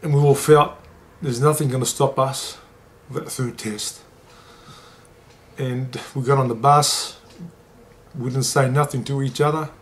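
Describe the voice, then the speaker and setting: A former rugby league player from New Zealand shares an emotional story in an interview, growing lively whenever he quotes other people. His voice sits in the mid-range and he speaks unhurriedly.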